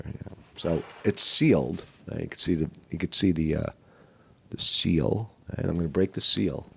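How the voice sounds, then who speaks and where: Hoarse low-voiced man rambling on a live stream. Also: unhurried, fairly bright tone. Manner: rambling, with many fillers and restarts. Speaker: vlogger doing a live at-home test. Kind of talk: casual live stream talk.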